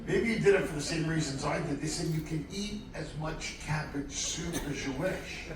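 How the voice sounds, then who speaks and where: A man doing a stand-up comedy routine in a large theater on a cruise ship, loud and animated, shouting his punchlines. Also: on the high side, normal speed. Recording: echoey theater from far off with crowd noise. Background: audience laughter.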